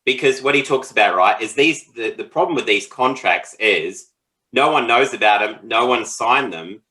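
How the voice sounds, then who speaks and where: A man co-hosting a podcast, talking in a relaxed, rambling conversational way and laughing often. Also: medium pitch, normal speed, poor audio. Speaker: podcast co-host. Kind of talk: casual conversational podcast chat.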